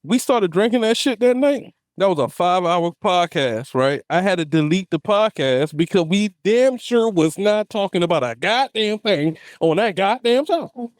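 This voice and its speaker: Animated, high-voiced man hosting a podcast. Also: moderate pace, dry recording, studio quality. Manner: animated storyteller, laughs often, loose slang. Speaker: podcast host. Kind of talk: casual podcast chat. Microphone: studio podcast mic.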